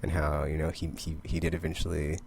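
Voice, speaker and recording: A man's voice: extremely low pitch, monotone, brisk, creaky, a little mellow, slight background noise. A young man casually recapping comic issues in a rambling way, full of fillers and quoted character lines. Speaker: comic book vlogger.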